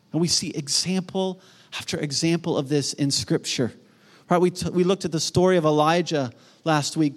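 A middle-aged man preaching a sermon, earnest, swinging from emphatic peaks to soft, hushed storytelling. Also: fairly high pitch. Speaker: pastor.

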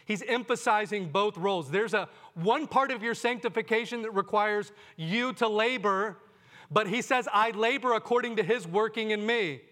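Pastor guy preaching, high voice, earnest, lots of "hey folks", big church echo. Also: normal speed, pushed and bright. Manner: earnest, repeats "hey, folks", asks the congregation questions. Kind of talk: sermon.

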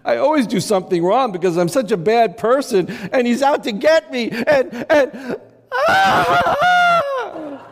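A man's voice: a little high, measured pace, a little mellow, long reverb tail, close to an everyday voice. A man voicing a panicky, frightened man who stammers and breaks into shrieks. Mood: panicking. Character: panicky man terrified of an angry god.

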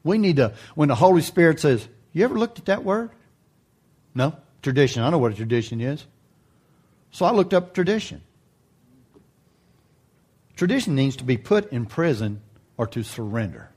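Guy preaching, jokey and folksy, voice goes way up when he gets excited. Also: moderate pace, pauses often, breathy edge. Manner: folksy and animated, joking, voice jumping high for emphasis. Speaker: pastor. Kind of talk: sermon.

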